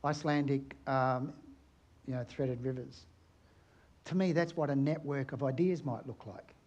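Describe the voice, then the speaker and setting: A man's voice: mid-range voice, fairly even intonation, moderate pace, darkish tone, muffled recording. A middle-aged man from Australia, an aerial photographer giving a chatty, anecdotal conference talk and asking his audience questions.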